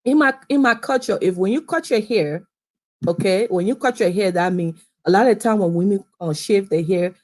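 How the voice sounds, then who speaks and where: A woman's voice: mid-range voice, moderate pace, a little mellow. A young adult woman from Liberia telling a personal story to camera in a chatty, repetitive way, often calling viewers "guys". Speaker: vlogger.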